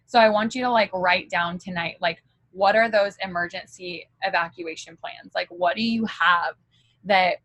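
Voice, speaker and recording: A woman's voice: lowish voice, moderate pace, a bit bright, no echo, low-quality recording. A woman giving a candid motivational talk as a direct-sales team leader, chatty and full of fillers.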